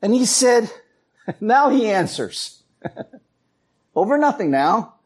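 A man's voice: sits high, slow pace, breathy edge. A man preaching a sermon, telling stories and acting out voices as he goes. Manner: animated storytelling, acts out voices. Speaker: pastor.

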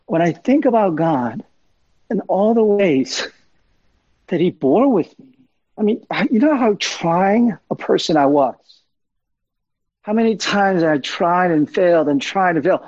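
A man preaches in a loose, conversational way, with fillers, asides and emphatic repeats. His voice sits a little high and sounds husky. The recording is dry and somewhat dull. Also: expressive, measured pace, pauses often, a little mellow, no echo. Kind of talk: sermon.

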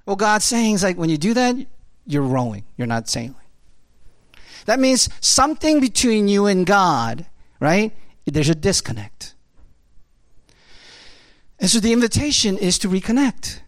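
A pastor preaches a sermon in a conversational, emphatic way, firing off rhetorical questions and repeating key phrases. His medium-pitched voice is very animated, and the recording is dry.

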